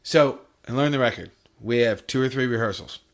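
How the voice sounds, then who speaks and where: A man's voice: mid-range voice, fairly quick. A man who is a podcast guest and drummer, telling loose, profane stories in casual chat.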